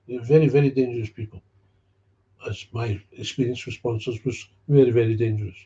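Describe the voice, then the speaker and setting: A man's voice: mid-range voice, steady tone, a little fast, mellow. A man with a Scottish accent giving a blunt, heated personal talk about recovery, swearing freely. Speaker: speaker on recovery. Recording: dull lo-fi recording.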